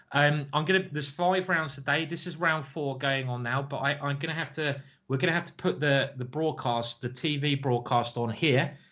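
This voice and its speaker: A man in his forties hosts a chess stream and rambles to his viewers in a loose, joking way, laughing at his own anecdotes. His voice sits at an ordinary middle pitch. The stream audio is a little muffled and dull. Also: a bit bright. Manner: rambling and jokey, chuckling at his own stories. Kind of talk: casual live-stream chat. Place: home streaming setup.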